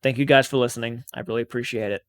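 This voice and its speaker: A man's voice: mid-range voice, steady tone, racing, no echo. A man hosting his own channel, telling a paranormal experience in a casual, rambling, earnest way and swearing freely. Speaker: channel host.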